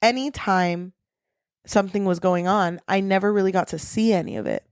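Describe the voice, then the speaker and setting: A woman's voice: medium pitch, fairly even intonation, normal speed, smooth, no echo, clean studio sound. A woman co-hosting a casual book podcast, candid and profane, dramatically quoting characters as she recaps the plot. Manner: loose and candid, swears freely, quotes characters dramatically. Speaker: podcast co-host. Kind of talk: casual book discussion chat.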